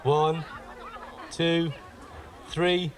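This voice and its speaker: A gleeful cheeky prankster. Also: male voice, on the high side, level tone, extremely slow, distant mic. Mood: scheming. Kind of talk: studio sketch comedy. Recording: studio audience laughter.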